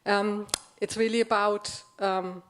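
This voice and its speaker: A woman speaking as a conference panelist in a measured way, with many hesitations. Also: medium pitch, little pitch movement. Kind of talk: panel discussion.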